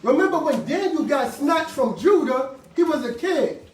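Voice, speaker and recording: A man preaching a sermon to a congregation, in call-and-response style with sudden shouted bursts and casual slangy asides. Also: extremely high pitch, expressive, moderate pace. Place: worship room with congregation. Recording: echoey room, mic far off, faint noise.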